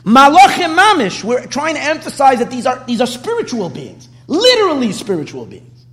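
Male Torah teacher, high and very lively voice, long hall echo. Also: fairly quick. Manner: animated, questioning, restarts often. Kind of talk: Torah class lecture.

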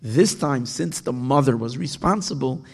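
A man reading and explaining a parable, halting often and restarting his words. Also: mid-range voice, husky. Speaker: teacher. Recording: echoey hall with long reverb.

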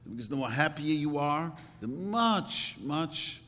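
A man's voice: fairly high pitch, expressive, slow, sharp tone, long reverb tail. A man giving an informal religious talk as a rabbi, earnest and emphatic, telling stories with sudden rising bursts.

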